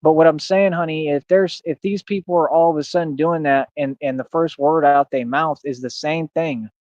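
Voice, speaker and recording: A man's voice: a little high, steady tone, moderate pace, a little mellow, no echo, muffled recording. A man in a combative, boastful livestream rant, going over and over the same points. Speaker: live streamer. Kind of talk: ranting livestream monologue.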